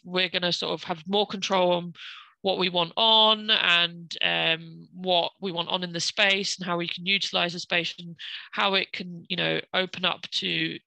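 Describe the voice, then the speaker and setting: A woman speaks on a panel, recounting lively stories from her job at a community centre and playing out each person's lines as she goes. Her voice is very bright and edged with vocal fry, and the recording is close and dry with almost no room sound. She talks casually, as if among colleagues. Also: lowish voice, dry recording, low-quality recording. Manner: chatty anecdotal storytelling, acting out quotes. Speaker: Irish community centre staff member. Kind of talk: panel conversation.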